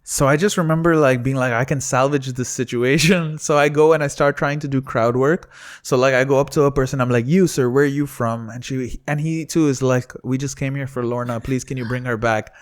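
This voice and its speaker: A man, a comedian guest on a casual podcast, telling an animated story, acting out quotes and laughing often. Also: medium pitch, fairly quick. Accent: Emirati-raised English.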